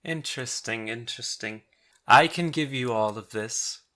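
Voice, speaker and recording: A man voicing a polite gnoll gentleman in a monocle, with a mannered accent that slips on and off. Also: medium pitch, normal speed, a crowd in the background, voice pushed up, close to an everyday voice. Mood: courteous. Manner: mannered, a put-on accent that comes and goes.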